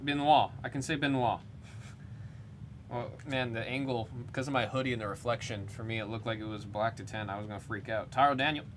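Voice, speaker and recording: A man's voice: mid-range voice, fairly quick, slight background noise. A man hosting a live card-opening stream, chatting casually and rambling between calling out the names of cards as he pulls them. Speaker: live card break host. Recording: music playing under the voice. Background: background music.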